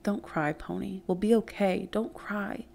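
A woman's voice: mid-range voice, unhurried, vocal fry, a little mellow. A woman doing a frightened teenage boy. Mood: soothing. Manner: tearful, pleading.

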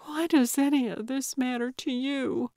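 A woman narrator voicing a frightened, tearful young woman in her late twenties, in a higher, softer, shaky voice. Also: fairly even intonation, measured pace, no echo.

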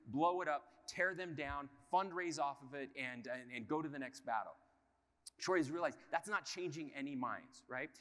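A man's voice: mid-range voice, a bit bright. A man giving an impassioned talk on a conference stage, emphatic and repeating his key phrases. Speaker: panel speaker, state governor. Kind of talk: impassioned live panel talk. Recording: long hall reverb at live event.

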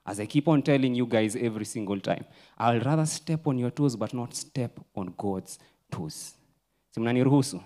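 A Kenyan man preaching a sermon in a church, mixing English and Swahili, swinging from loud urging to a near-whisper. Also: medium pitch, normal speed. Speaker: pastor.

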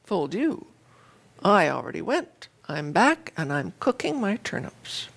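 A woman's voice: on the low side, very animated, measured pace, creaky, pitched below the performer's own voice, exaggerated voice. A woman voicing a small clever pig from a fairy tale, cheeky in tone. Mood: gloating.

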